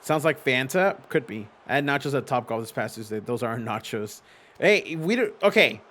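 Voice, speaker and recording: A man hosts a casual livestream from home in front of a green screen. His voice sits at a middling pitch, and he talks in an easygoing, animated way. He reads viewer messages aloud, swears freely and laughs often. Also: normal speed. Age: adult with young children. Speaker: streamer hosting a simulated wrestling league.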